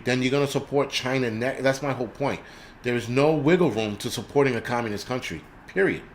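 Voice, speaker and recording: A man's voice: medium pitch, a little hiss or hum. A man hosting a livestream, ranting in a blunt, heated and profane way, reading viewer names and answering them. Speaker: livestream host. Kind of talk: casual livestream rant.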